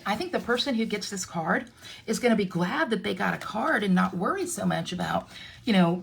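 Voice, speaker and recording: A woman's voice: medium pitch, vocal fry, slight background noise. A middle-aged woman with an American accent, chatting in a self-deprecating way as she demonstrates card-making in a live tutorial. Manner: chatty, self-deprecating, talks while crafting. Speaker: stamping demonstrator.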